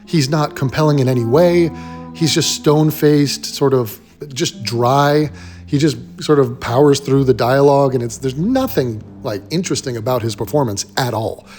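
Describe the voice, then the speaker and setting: A man's voice: medium pitch, normal speed, darkish tone, faint music behind. A man hosting a ranting film commentary, blunt, sarcastic and full of profanity. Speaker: commentary host.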